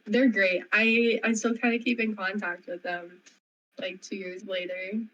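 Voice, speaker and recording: Young woman telling a wild story fast. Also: medium pitch, dull audio, a little hiss or hum. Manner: animated, rapid storytelling full of "like". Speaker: co-host. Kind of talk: casual storytelling chat. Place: radio studio.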